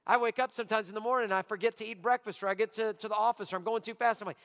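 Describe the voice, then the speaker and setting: A man's voice: sits high, steady tone, rapid-fire, hardly any pauses, fairly bright tone. A middle-aged man preaching a sermon as pastor, emphatic, repeating his key lines for his congregation. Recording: long hall reverb.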